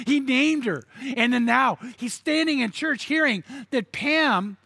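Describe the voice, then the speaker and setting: High bright-voiced male pastor preaching. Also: animated, measured pace, gravelly, few pauses, no room sound. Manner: storytelling with quoted voices and emphatic repetition. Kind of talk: sermon.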